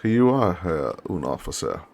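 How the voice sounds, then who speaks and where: A man's voice: low-pitched, very animated, normal speed, creaky, a little mellow, full character voice. A man reading as a haughty German lieutenant. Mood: condescending. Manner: haughty, clipped commands. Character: condescending male German army lieutenant.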